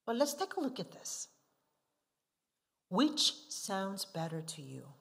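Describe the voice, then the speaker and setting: A gravelly, sing-song mid-range voice belongs to a woman missionary preaching slowly. Rhetorical questions to the congregation come often, and she stresses key words emphatically, alternating soft asides with forceful stresses.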